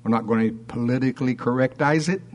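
A man preaching a fervent sermon, reading scripture aloud and slowing down to stress key words. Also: mid-range voice, darkish tone.

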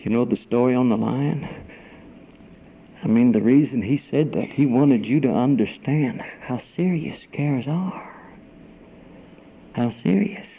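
A man preaching a sermon, swinging between loud cries and hushed whispers and calling the congregation "brother". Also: medium pitch, unhurried, creaky, long pauses, a little hiss or hum. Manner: dramatic swings from shouts to whispers. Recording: tinny phone-like radio broadcast.

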